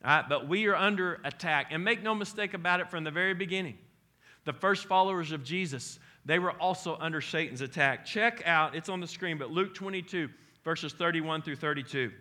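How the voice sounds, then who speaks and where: Bright-voiced pastor preaching. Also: male voice, on the high side, fairly quick. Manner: animated, conversational preaching with rising emphasis. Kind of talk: sermon.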